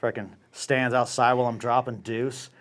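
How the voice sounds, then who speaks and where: A man's voice: medium pitch, moderate pace. A young man telling a rowdy anecdote in casual chat, swearing constantly and acting out other people's lines. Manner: profane, animated, acts out voices in anecdotes. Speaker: podcast host. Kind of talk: casual storytelling.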